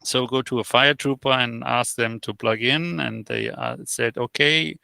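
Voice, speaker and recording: Gravelly, bright-voiced man telling stories. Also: mid-range voice, no echo. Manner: halting, with many fillers and restarts; animated storyteller who acts out quoted exchanges. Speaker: interview guest. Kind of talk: casual interview chat.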